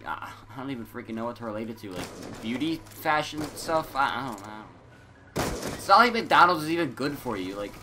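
A teenage boy rambling through casual gaming commentary, scattered and self-interrupting, excitable, on a headset mic. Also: medium pitch, normal speed, background noise. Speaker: gaming YouTuber.

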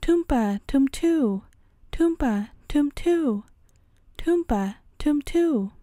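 Woman doing a sly little lamb, high cheeky sing-song, warm and close. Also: lively intonation, drawn-out words, dry recording, exaggerated voice.

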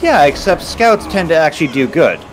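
A man talking through a game session in a lively, up-and-down voice, full of dry teasing jokes. Soft game music plays underneath. He sounds relaxed and playful, like a casual chat between friends. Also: on the high side, normal speed, rough recording. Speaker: game player.

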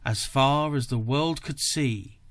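A man, a podcast host, reading a story aloud in a measured, careful way. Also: medium pitch, a bit bright.

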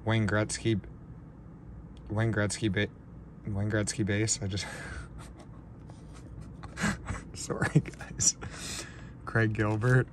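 A man hosting a casual card-opening vlog, talking in a slow, low-key way and getting shaky and overwhelmed with excitement. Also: background noise. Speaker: card-breaking channel host.

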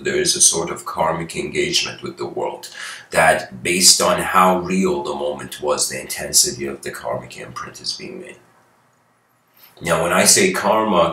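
Low guy telling spiritual stories all casual and chatty, punchy voice, echoey room. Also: sharp tone. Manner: loose, conversational storytelling with asides to listeners. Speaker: spiritual lecturer. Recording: roomy echo.

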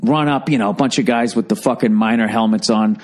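A man's voice: on the low side, a little fast, a little mellow. A man hosting a podcast, telling a profane, self-deprecating story in a casual rambling monologue. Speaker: podcast host. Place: Chicago.

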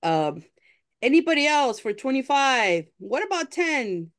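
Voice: high voice, sing-song, measured pace, fairly bright tone. An event host running a live fundraising appeal at a town hall, upbeat, coaxing and chatty.

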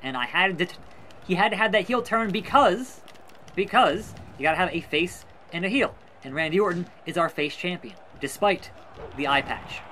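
Bright-voiced man doing mock wrestling commentary. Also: high-pitched, expressive, moderate pace, a little hiss or hum. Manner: mock wrestling play-by-play, sarcastic asides. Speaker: gaming YouTuber. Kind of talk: casual let's-play commentary. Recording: faint music behind.

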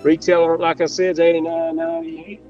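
A man's voice: on the high side, little pitch movement, quick pace, a little mellow. Folksy auctioneer man, hyping items. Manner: repetitive, folksy hype, says y'all. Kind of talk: live auction sales pitch. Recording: dull lo-fi audio with faint music.

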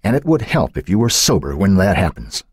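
A stern, growling husband, as a narrator voices him answers in short, hard retorts. His low voice has a husky, dry edge, like a reading from a thriller audiobook. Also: sing-song, brisk, darkish tone, no room sound, heavily acted. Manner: gruff, curt retorts.

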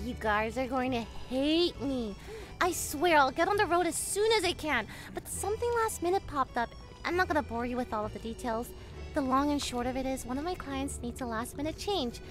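A high-voiced young woman friend, earnest and apologetic about money and being late. Her lines are game dialogue heard over background music. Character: young adult woman, friend on a tight budget.

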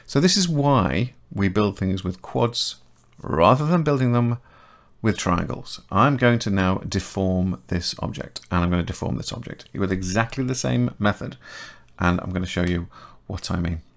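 Gravelly low-voiced man teaching software. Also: moderate pace. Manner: chatty and self-correcting, talking through each step. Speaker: 3D modelling tutor. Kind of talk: casual screen-recorded software tutorial.

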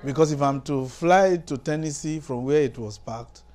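A preacher from Africa delivers a sermon as a personal story, his voice sitting a little high for a man. He chuckles as he goes and acts out what others said in quoted dialogue. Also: moderate pace, a little mellow.

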